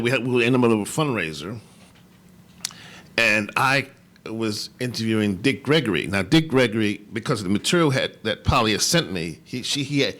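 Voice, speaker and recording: A man on a conference panel telling a personal story, halting and emotional, with many restarts and fillers. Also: on the low side, bright, forceful tone. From New York. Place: conference hall.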